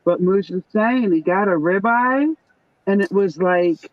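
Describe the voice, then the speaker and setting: A man's voice: sits high, measured pace, dry recording, far from the mic, muffled recording. A man in casual, joking chat who laughs often and banters with his co-hosts.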